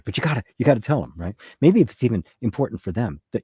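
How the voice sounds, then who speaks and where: Soft-spoken man teaching, low mellow voice. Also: animated, quick pace, hardly any pauses, breathy edge, no echo. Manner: conversational, repeats words, says "right?" often. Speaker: spiritual teacher. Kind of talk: satsang talk reading live chat.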